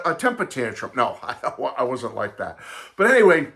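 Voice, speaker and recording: A man in his sixties hosting a vlog, telling a nostalgic personal story in a chatty, animated way, talking straight to his viewers. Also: medium pitch, normal speed. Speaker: vlog host and record collector.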